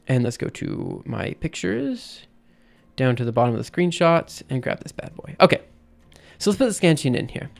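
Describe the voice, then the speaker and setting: A man explaining things casually on a livestream, thinking aloud with frequent pauses and restarts. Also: on the high side, big pitch swings, vocal fry. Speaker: streamer.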